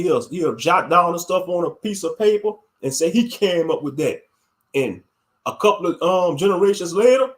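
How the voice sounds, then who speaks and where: A high-voiced man rants bluntly into his channel's commentary. He talks heatedly and keeps coming back to catchphrases. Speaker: YouTube commentator. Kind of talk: ranting commentary.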